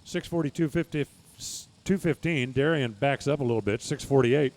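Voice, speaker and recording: A man's voice: mid-range voice, moderate pace, darkish tone. A man giving live drag racing commentary, reading times and speeds with folksy, joking asides.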